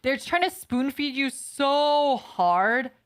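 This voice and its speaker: A woman co-hosting a casual anime podcast with a fairly high voice. She rants bluntly, swears freely and strings her thoughts together with lots of "like.". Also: slow. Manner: blunt and profane, with filler-heavy rants. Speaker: podcast co-host.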